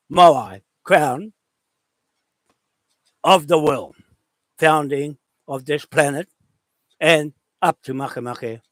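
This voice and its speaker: Man, from New Zealand, fairly high voice, impassioned live monologue, angry declaiming, dry sound. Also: no room sound, low-quality recording. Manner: declamatory, listing names in short bursts, angry. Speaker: vlogger making a live video. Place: outdoors on his land.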